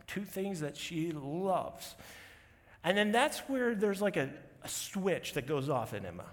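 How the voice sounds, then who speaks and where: A young man with a fairly high voice gives a chatty sermon, slipping into quoted voices as he tells stories. His voice rings out with the long reverb of a large church hall. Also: lively intonation, normal speed. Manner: conversational storyteller acting out quotes. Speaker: pastor.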